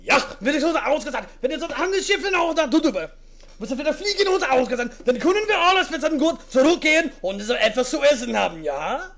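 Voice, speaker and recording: Manic German military madman, shrieking-high and gravelly, babbling gibberish. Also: big pitch swings, quick pace, a bit bright, exaggerated voice.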